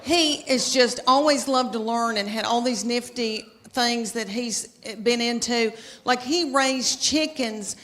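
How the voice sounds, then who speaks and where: A middle-aged woman, telling chatty, animated stand-up comedy stories on stage. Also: on the high side, slow pace. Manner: folksy, chatty, animated storytelling. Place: stage before a live audience.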